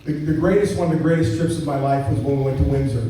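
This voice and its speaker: High-voiced man rambling at a roast. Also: fairly even intonation, rapid-fire, a crowd in the background. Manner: rambling, stumbling restarts, chuckling through stories. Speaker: coworker giving a retirement roast speech. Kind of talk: casual storytelling speech. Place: indoor party venue. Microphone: phone camera far from the speaker. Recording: echoey, distant, faint room noise.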